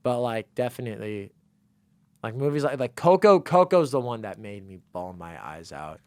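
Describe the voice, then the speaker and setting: Excitable young man chatting on college radio. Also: medium pitch, normal speed, no echo. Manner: excitable, rambling, animated storytelling. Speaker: radio show co-host. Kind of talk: casual chat. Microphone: studio microphone.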